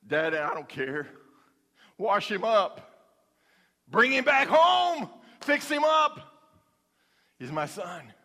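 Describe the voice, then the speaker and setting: A man's voice: sits high, slow, vocal fry, long pauses, pitched above the performer's own voice, full character voice. A man playing a joyful father who orders his servants to welcome his son home. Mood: overjoyed. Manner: excited, rising to a shout. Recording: long hall reverb.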